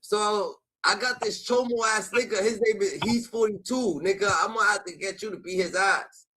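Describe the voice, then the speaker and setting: A man telling a rowdy street story in casual chat, heavy with slang and cursing, jumping in pitch whenever he acts out other people. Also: normal speed, low-quality recording. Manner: animated storytelling, acting out quoted voices with jumps in pitch. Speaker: host.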